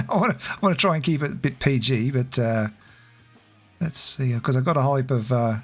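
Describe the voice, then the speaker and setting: A man's voice: medium pitch, a little fast, soft background music. A man chatting casually while streaming a game, greeting viewers by name and laughing often. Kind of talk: casual livestream chat.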